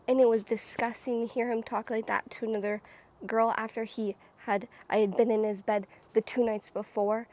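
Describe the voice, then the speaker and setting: A young woman telling a casual storytime to her viewers, animated and dramatic. Her voice sits high, and she fills her talk with "like" while building up the story. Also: normal speed. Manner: animated, dramatic, many filler "like"s. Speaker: vlogger.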